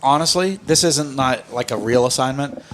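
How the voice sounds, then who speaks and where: A man's voice: mid-range voice, normal speed, a bit bright, slight background noise. Rambling man hosting a bourbon podcast. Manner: rambling, swearing, laughing often. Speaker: podcast host. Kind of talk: casual chat over bourbon tasting.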